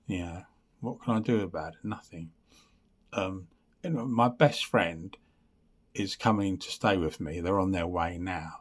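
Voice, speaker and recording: An Englishman with a deep, unhurried voice gives a rambling health update on his vlog. He reads from notes and keeps losing his place, with blunt, dry humour throughout.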